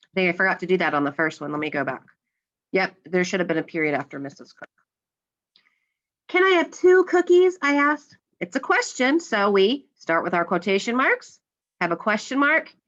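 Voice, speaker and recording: A woman's voice: fairly low pitch, fairly bright tone, muffled recording. A woman teacher explaining a grammar lesson step by step, patiently, and acting out the example lines.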